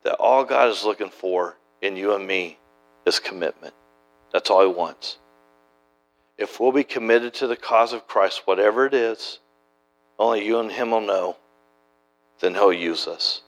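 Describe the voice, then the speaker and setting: A man's voice: fairly low pitch, measured pace, pauses often. A middle-aged man preaching a sermon, telling stories in a folksy, conversational way with many restarts. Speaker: preacher and church planter. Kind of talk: sermon storytelling.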